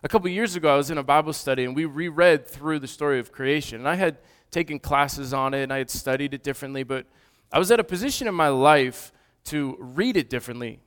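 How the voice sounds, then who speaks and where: Male pastor, 30s, slightly higher voice, earnest and conversational sermon delivery. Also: fast, a bit bright, clear, resonant tone. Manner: earnest, conversational preaching with restarts.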